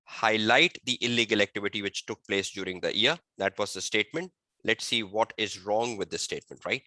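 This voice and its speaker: Bright-voiced man drilling exam students. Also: on the low side, no echo. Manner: drills students with repeated rhetorical questions; slow, deliberate dictation of answer phrasing. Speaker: exam tutor. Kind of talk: online exam-prep webinar teaching.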